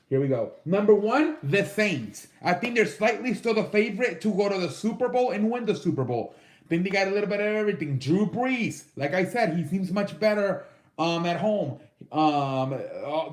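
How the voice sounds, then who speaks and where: A sports show host with a high voice in reverberant sound casually ranks football teams on his own show. It's loose, profane sports commentary packed with fillers.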